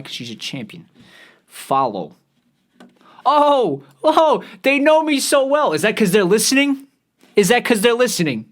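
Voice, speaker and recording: A man hosting a vlog, ranting in a profane, rambling, sarcastic way while scrolling social media. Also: fairly high pitch. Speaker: vlog host.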